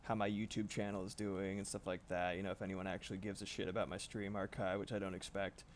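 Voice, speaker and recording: A man's voice: sits low, little pitch movement, quick pace, slight background noise. A man streaming casually while drawing, rambling and swearing freely with frequent laughs.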